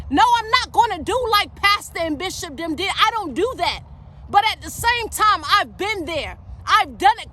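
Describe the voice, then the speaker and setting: A woman's voice: very high voice, bright, forceful tone. A woman preaching with fire, emphatic and direct, calling her listeners baby. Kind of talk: fiery preaching monologue.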